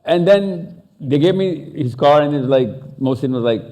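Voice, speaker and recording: A man from Pakistan talking to a live audience from a stage, quick and interactive, slipping between English and Urdu. His voice is dark and mellow, picked up by a stage microphone in a large hall. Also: fairly high pitch, lively intonation. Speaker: speaker at a live talk. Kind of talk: lively live talk with audience questions.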